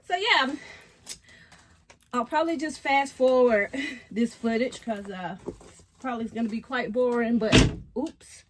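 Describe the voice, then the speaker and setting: A woman's voice: fairly high pitch, measured pace, pauses often, background noise. A woman chatting casually to her viewers in a home DIY vlog, laughing often as she talks. She records on a camera on a selfie stick inside a small walk-in closet. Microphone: camera on a selfie stick or mini tripod.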